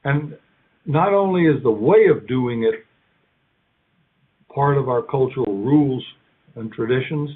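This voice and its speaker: A man giving an academic keynote lecture in a conversational, halting way, now and then acting out short quoted lines. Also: medium pitch, expressive, slightly rough. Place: lecture hall. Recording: tinny phone-like sound.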